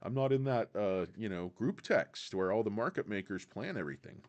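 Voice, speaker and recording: A man's voice: on the low side, lively intonation, fairly quick, a little mellow, dull audio. A man hosting a casual livestream, rambling in a laid-back way, answering chat and peppering his talk with "guys.". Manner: quotes film lines in put-on voices. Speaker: livestream host reading chat.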